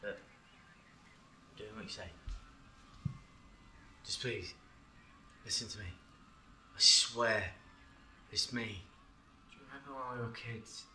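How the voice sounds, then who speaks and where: A man's voice: fairly low pitch, slow pace, long pauses, pushed and bright, exaggerated voice. A young man playing a protective older brother, talking in an earnest, tender, pleading way in a short film. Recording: roomy echo from a distance, music behind.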